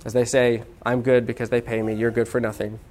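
A male pastor delivers a sermon in a relaxed, chatty way, slipping in jokes and asides to his listeners. His voice sits at an average pitch for a man. He tells stories more than he lectures. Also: brisk. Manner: conversational and humorous, with restarts and asides.

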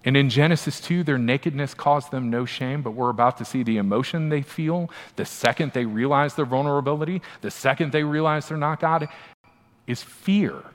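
A man's voice: medium pitch, normal speed. Man preaching in a reverberant hall. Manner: conversational, emphatic, with frequent asides. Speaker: pastor. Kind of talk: sermon.

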